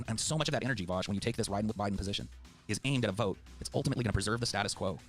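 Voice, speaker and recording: A middle-aged man pleads his case in an impassioned debate, cursing freely and pressing every point. His voice sits low, and the words tumble out at a breakneck pace. Faint music runs underneath. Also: very fast. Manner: fiery, profane, heartfelt. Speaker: political debater.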